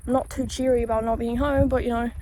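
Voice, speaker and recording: A young woman from Poland, a native Polish speaker with British-tinged English, rambles casually and swears as she walks along a quiet rural road, holding her phone. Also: on the high side, little pitch movement, quick pace, a little hiss or hum. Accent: British-tinged English with a Polish background. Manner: chatty, loose and sweary, with frequent "like" fillers. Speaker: vlogger. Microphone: handheld phone while walking.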